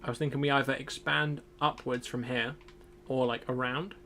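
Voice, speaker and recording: A man's voice: medium pitch, steady tone, moderate pace, pushed and bright. Young man, gameplay commentary, thinking aloud, faint background hum. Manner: thinks aloud, muttering to himself. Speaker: gaming streamer.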